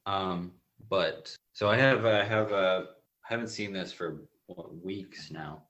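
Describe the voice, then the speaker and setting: Low-voiced hesitant man. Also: takes it slowly, fairly bright tone, highs cut off. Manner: self-mocking, hesitant. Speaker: podcast editor and guest. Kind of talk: casual podcast chat.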